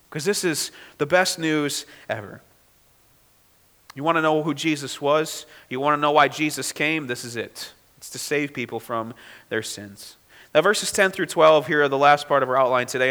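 Bright-voiced man preaching in a reverberant church. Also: mid-range voice. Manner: earnest, pleading, rising to emphatic outbursts. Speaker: pastor. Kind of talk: sermon. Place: church sanctuary. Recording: long hall reverb.

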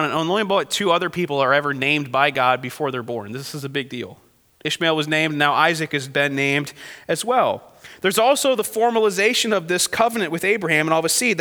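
A man's voice: a little high, bright, forceful tone. A man teaching a Bible passage verse by verse, reading scripture aloud and asking his listeners casual rhetorical questions. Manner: reads scripture aloud between casual remarks. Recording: long hall reverb.

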